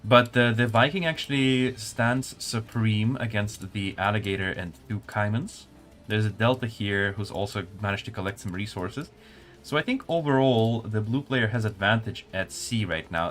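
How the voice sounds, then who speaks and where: A community manager with a lowish voice and fairly bright tone chats casually with viewers during a live stream. He answers chat while spectating and commenting on a match.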